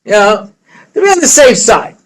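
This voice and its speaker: A man's voice: sits high, big pitch swings, moderate pace, poor audio. A middle-aged man, a rabbi, giving a humorous lecture full of stories, jokes and conversational asides.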